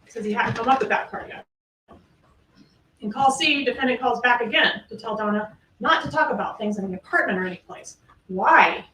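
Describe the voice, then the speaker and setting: A woman's voice: on the high side, fairly bright tone, a little hiss or hum. Woman delivering a courtroom closing argument. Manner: rhetorical questions, emphatic pauses. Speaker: prosecutor. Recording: echoey courtroom audio from far off.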